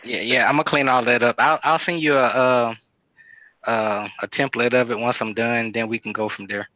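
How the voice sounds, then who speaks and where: A man's voice: medium pitch, steady tone, normal speed, bright, forceful tone, dry recording, dull audio. A man on a team call giving brief, agreeable replies about a script.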